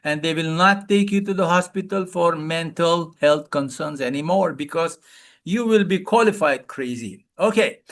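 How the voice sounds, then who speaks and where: A man coaching a live webinar, loud and playful, calling out repeated commands and leading laughter exercises over a video call. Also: on the high side, moderate pace. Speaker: wellness coach, webinar speaker.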